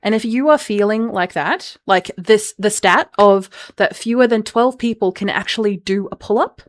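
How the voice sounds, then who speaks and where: A woman's voice: mid-range voice, moderate pace. A woman hosting a solo podcast on personal branding, candid and chatty with frequent asides. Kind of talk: casual solo podcast talk.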